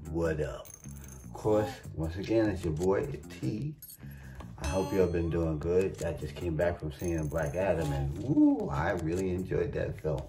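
Deep-voiced laid-back reaction host, man. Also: sing-song, measured pace, music in the background. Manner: laid-back, chatty, addresses viewers directly. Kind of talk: casual reaction video intro.

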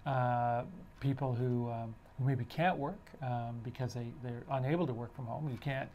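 A man co-hosting a casual discussion podcast, talking in halting runs full of restarts as he builds a point. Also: medium pitch, steady tone, muffled recording. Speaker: podcast co-host.

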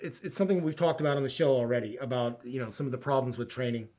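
A man's voice: medium pitch, racing, darkish tone. A man hosting a casual interview, eagerly agreeing and chiming in, his voice distant from the mic. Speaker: interview host.

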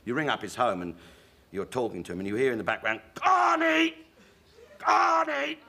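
A middle-aged English man, a comic actor and chat show guest, telling stage stories with animated character voices. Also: fairly low pitch, fast. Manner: lively raconteur slipping into character voices. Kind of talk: anecdotal chat show storytelling.

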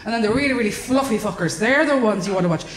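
Irish female stand-up, fairly high, sweary and animated, live in an echoey room. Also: quick pace, a little hiss or hum. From Ireland. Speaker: stand-up comedian. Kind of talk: stand-up comedy. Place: comedy club stage. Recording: roomy live venue.

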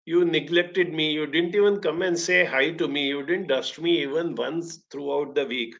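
A man's voice: a little high, normal speed, creaky, a bit bright, dull audio. A man voicing a neglected motorbike that complains reproachfully to its owner. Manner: reproachful, indignant.

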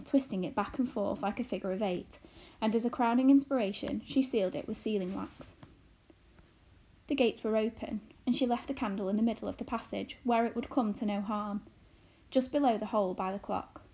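A British woman reads a children's novel aloud to her class in a clear, expressive way. Her voice is of middle pitch, with a steady, measured storytelling manner. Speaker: teacher reading a class novel.

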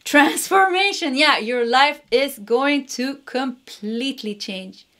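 A woman's voice: sits high, slow pace, a bit bright. Chatty woman giving a tarot reading. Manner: chatty, laughs often, repeats phrases. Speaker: tarot reader. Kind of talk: casual pick-a-card tarot reading.

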